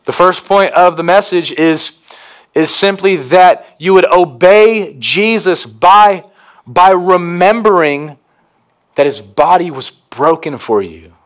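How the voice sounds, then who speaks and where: A pastor preaching a communion sermon, swinging from hushed to emphatic. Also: male voice, sits high, lively intonation, takes it slowly.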